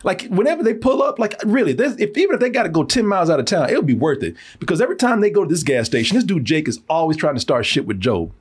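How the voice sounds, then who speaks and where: A man in casual, profane chat about a movie, animated and laughing often. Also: fairly high pitch, fast talker, hardly any pauses, husky. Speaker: podcast co-host reviewing a film.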